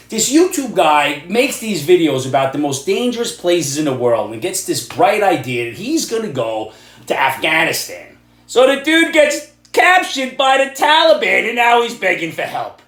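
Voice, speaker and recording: A middle-aged man from Ireland rants with heavy sarcasm. His voice sits high for a man and swings widely up and down as he scoffs and jeers. The room around him is echoey. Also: big pitch swings, normal speed. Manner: loud, sarcastic, ranting. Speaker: vlogger ranting about the news. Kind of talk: angry political rant vlog.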